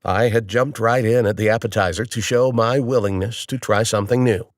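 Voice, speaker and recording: A man reading a novel aloud in the first person, in a measured, wry storytelling manner. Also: fairly low pitch, steady tone, no room sound, studio quality. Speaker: audiobook narrator. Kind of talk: scripted first-person narration.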